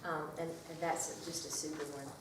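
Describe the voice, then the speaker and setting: A woman teacher talks to a group in a lively, chatty way and now and then reads a picture book aloud. She sits far from the mic in a large room with heavy echo. Steady noise runs underneath. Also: low voice, normal speed. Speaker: teacher leading a workshop. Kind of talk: classroom workshop talk.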